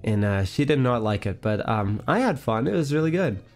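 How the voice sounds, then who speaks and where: A young man chatting on his livestream with a stuffy, congested voice at a middle pitch. He rambles through his story with plenty of fillers and breaks into laughter often. Faint music plays softly behind him. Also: sing-song, moderate pace. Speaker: livestream host. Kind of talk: casual chat storytelling.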